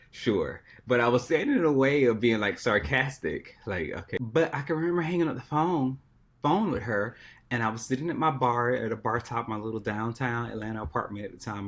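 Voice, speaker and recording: A male podcast guest spins a story in loose, casual chat, heavy on "like". His voice sits at an ordinary middle pitch. He swings between lively bursts and near-whispered suspense. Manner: animated, drops to a hushed voice for suspense; peppers speech with "like".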